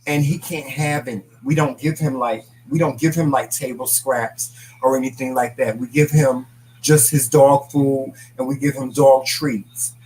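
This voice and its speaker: A man's voice: mid-range voice, normal speed, a little hiss or hum, poor audio. A man co-hosting a casual live-stream talk show, reading comments and laughing as he talks. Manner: animated, laughing, reads viewer comments aloud.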